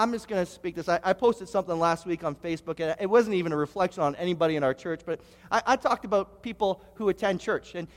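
A man's voice: high-pitched, big-room sound. A male pastor preaching a sermon, telling stories with frequent stammered restarts.

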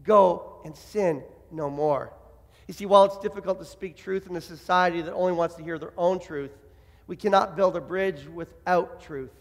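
A man preaches with fervor and a high voice, slipping into the voices he quotes. His words ring out with a long reverb, as in a large church hall. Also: fairly even intonation, fairly quick. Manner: impassioned, acts out quoted voices. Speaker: pastor. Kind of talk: sermon.

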